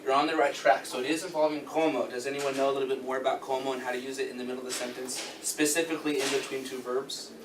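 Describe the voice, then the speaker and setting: A man's voice: medium pitch, level tone, quick pace, few pauses. Guy teaching a class, patient, quizzing students, far off in a roomy noisy classroom. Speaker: language teacher. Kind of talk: classroom correction drill.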